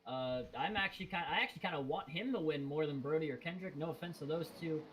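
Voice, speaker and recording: A male sim racing commentator with a fairly high-pitched voice. He talks casually, rambling with fillers and self-corrections. A faint hiss sits behind his voice. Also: fast talker, fairly bright tone, low-quality recording. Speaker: race commentator.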